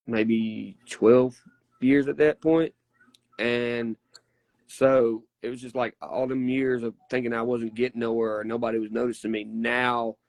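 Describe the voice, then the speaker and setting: A man's voice: medium pitch, no room sound. A man, a wrestler telling stories in a casual interview, folksy, emphatic and profane. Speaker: wrestler guest.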